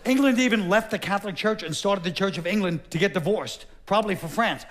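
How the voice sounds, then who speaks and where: A middle-aged man doing stand-up comedy on a theater stage, sardonic and deadpan with quick asides. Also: high voice. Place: Broadway theater stage, live audience. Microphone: stage microphone.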